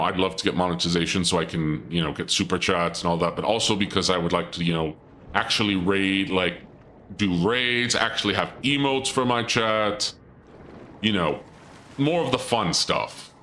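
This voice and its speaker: A man's voice: low voice, animated, normal speed, bright, forceful tone, slight background noise. A male streamer chatting casually to his viewers and muttering self-critically while he plays a game. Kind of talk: casual gameplay commentary.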